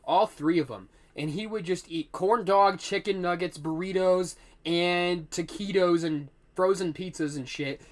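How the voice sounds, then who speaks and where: A man's voice: fairly high pitch, fairly bright tone. A young man telling a rambling, profane storytime vlog.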